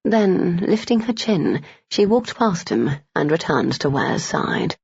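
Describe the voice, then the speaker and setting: Audiobook narrator, romance novel, measured, husky, dry dull recording. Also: medium pitch, sing-song, darkish tone, dry recording.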